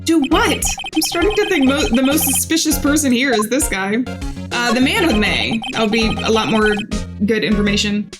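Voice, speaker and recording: A woman's voice: a little high, lively intonation, moderate pace. A woman casually thinking aloud with lots of ums as she plays through a game. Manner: musing aloud, hesitant with ums. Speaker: gamer playing through a game. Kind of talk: casual let's play commentary. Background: game music.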